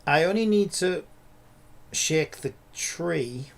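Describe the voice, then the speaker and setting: A man's voice: on the high side, animated, slow, gravelly. A man streaming live while building a game, thinking aloud in a rambling, casual way and swearing now and then. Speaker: streamer and indie game developer.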